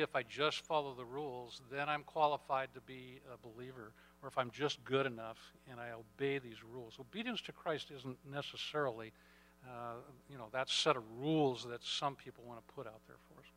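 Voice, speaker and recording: A church leader speaking in a measured, thoughtful way about faith and obedience, with some hesitations. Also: male voice, mid-range voice, pushed and bright. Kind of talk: reflective talk on faith.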